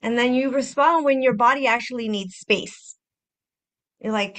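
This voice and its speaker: A woman hosting a self-help podcast, speaking gently and reflectively, repeating phrases and acting out inner voices with sighs. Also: on the high side, normal speed. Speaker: podcast host and healing coach.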